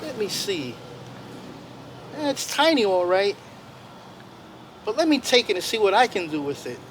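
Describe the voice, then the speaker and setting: A man voicing a curious, easygoing creator spirit in a calm voice, outdoors with traffic behind. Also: sits high, moderate pace. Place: outdoors by a road. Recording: loud outdoor traffic noise. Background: traffic noise.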